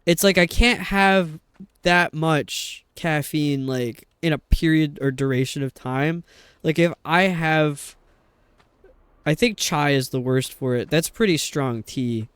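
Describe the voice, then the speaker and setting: New York accent, man, rambling game streamer, clear voice, dry close sound. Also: fairly high pitch, takes it slowly, a bit bright, no echo. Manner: rambling, chatty. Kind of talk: casual chat while gaming.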